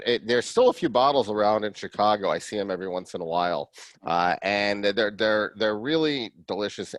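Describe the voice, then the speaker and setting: A man with a lowish voice hosts a casual interview and asks his questions with enthusiasm. The recording is dry, with no room sound. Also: dry recording. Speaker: podcast host.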